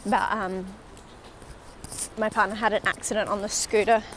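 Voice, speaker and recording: A young vlogger chats and rambles while walking beside a river in a city, recording on a handheld phone and sometimes whispering asides. Her medium-pitched voice is fairly bright but flat in delivery, at a normal speed, with slight background noise.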